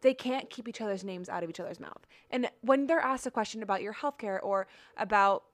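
A woman's voice: medium pitch, fairly quick. A young woman co-hosting a podcast in casual chat, blunt and opinionated with a joking edge. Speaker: podcast co-host.

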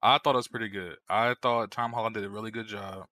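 Quick bright-voiced man, dry sound. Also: lowish voice, steady tone, no room sound. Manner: easygoing, repeats himself. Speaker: podcast co-host. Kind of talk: casual movie chat.

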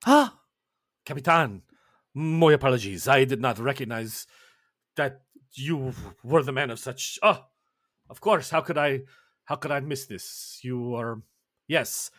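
A man's voice: medium pitch, a bit bright, no echo, studio quality, pitched below the performer's own voice. Man doing an effusive Castilian ship's chef. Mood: apologetic. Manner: effusive, halting, searching for words.

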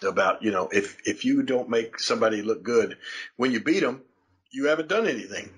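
A man's voice: mid-range voice, animated, fairly quick, fairly bright tone, husky, rough recording. An older man, hosting a casual chat and telling rambling, laughing stories with many restarts. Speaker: podcast host, wrestling legend.

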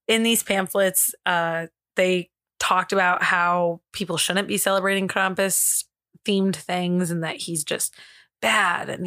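A woman's voice: mid-range voice, a bit bright, no echo, studio quality. A woman co-hosting a casual podcast, reading notes aloud, giggling and making fun of her own stumbles. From America. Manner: giggly, self-deprecating, stumbles over reading. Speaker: podcast co-host.

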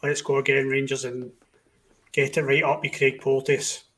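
A man's voice: medium pitch, level tone, moderate pace, a bit bright. Upbeat Scottish man on a podcast. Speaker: podcast co-host. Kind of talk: casual podcast chat.

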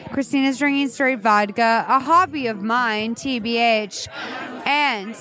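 A podcast host in her thirties with unmistakable vocal fry, her pitch sitting a little high. She rambles through casual chat with quick, irreverent asides. A crowd murmurs faintly behind her, as if she is outdoors in a city. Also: a bit bright.

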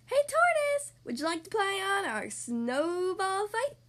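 Lady doing a hyper playful squirrel, high pitched, storybook voice. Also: very animated, measured pace, full character voice. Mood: eager. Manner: eager, loud. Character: playful energetic young squirrel.

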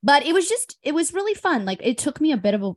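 A woman's voice: high-pitched, sing-song, fast talker, dry recording, clean studio sound. A woman podcast co-host in casual chat, rambling and easygoing with many fillers.

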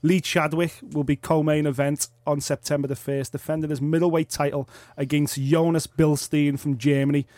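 A man's voice: a little high, dry recording. A man hosting a sports talk radio show from a studio. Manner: energetic presenter, fast links.

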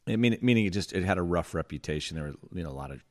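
A man with a very deep voice, talking casually on a podcast. He is from North Carolina and tells his stories with energy, jumping into the voices of the people in them. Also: very fast. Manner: animated storyteller who acts out other people's lines. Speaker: podcast co-host. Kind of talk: casual chat, storytelling.

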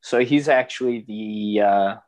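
Relaxed low-voiced man musher. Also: measured pace. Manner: relaxed, rambling with many fillers. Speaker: guest, dog musher. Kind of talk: casual interview chat.

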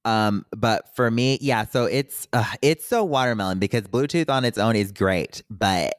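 A man's voice: on the low side, moderate pace, clean tone, no echo, studio quality. A man co-hosting a casual chat podcast, trading sassy, campy banter. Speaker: podcast co-host.

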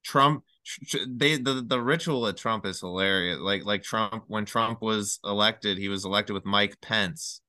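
A man with a low, deep voice and a bright, crisp, clean tone, guesting on a casual podcast. He rambles excitedly from one number theory to the next, and his voice is recorded close and dry. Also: a little slow, hardly any pauses, dry recording. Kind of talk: casual chat.

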